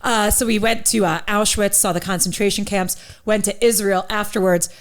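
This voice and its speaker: A woman in her thirties, a comedian guest, telling stories in a quick, self-mocking way. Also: mid-range voice, fairly even intonation. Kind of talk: casual chat.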